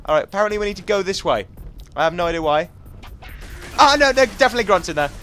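Animated and fast, a young Englishman jokes his way through a casual let's-play, chatting to the on-screen enemies in a high, fairly bright voice while faint music plays behind him.

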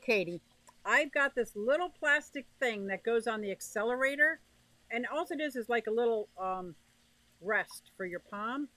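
A woman hosts a casual livestream, greeting viewers by name as she reads their comments aloud. Her voice sits on the high side with a fairly bright tone, and she sounds northeastern US. The audio is poor, with no room sound.

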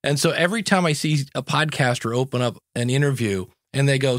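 A man's voice: medium pitch, fairly quick, few pauses, no room sound, clean studio sound. A man hosting a podcast in casual interview chat, chatty and joking as he sets up his questions. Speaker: podcast host.

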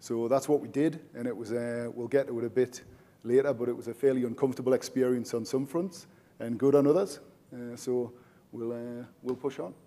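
A man speaking at a conference session with a mellow, warm voice. He talks informally and chattily, with many "uh" fillers as he goes. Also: medium pitch, steady tone, fairly quick. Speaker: general manager presenting. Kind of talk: conference presentation.

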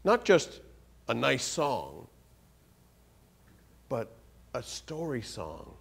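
Man, sermon, lively pitch swings, husky, repeats and restarts words, church. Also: drawn-out words. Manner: animated, with sudden rises in pitch and loudness. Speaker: guest speaker.

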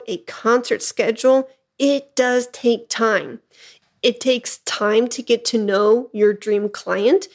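On her own podcast, a flute business coach speaks to listeners in motivational solo talk, emphatic and encouraging, regularly checking in with "okay?". Her voice is on the high side with a darkish tone.

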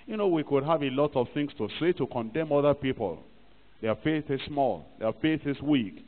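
A pastor's expressive, medium-pitched voice moves at a moderate pace through an emphatic sermon. He dramatizes little scenes of church life, heard on a tinny archive recording in a reverberant hall.

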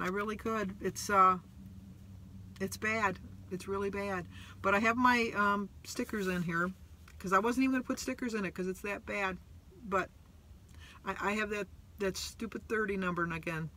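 A man's voice: high voice, steady tone, normal speed, bright, forceful tone, slight background noise. A middle-aged man vlogging from a parked car, talking in a rambling, emotional, self-deprecating way with many restarts. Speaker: vlogger on a weight-loss journey. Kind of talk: casual vlog monologue.

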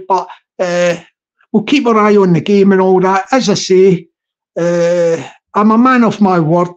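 A man's voice: sits high, highs cut off. Bloke rambling on a livestream, repeats himself a lot, chuckles at his own banter. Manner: rambling, repetitive, laughs at own jokes. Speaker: livestream host. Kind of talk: casual live stream chat.

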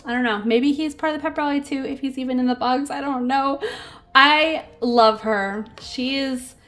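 A woman's voice: sits high, steady tone, a little fast, soft background music. A woman hosting a casual toy unboxing, gushing and giggling over each cute figure.

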